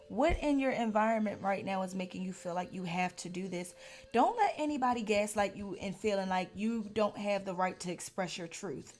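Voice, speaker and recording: A woman's voice: mid-range voice, normal speed, soft background music. A woman giving a casual tarot reading to camera, earnest and at times heated and emphatic. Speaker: tarot reader.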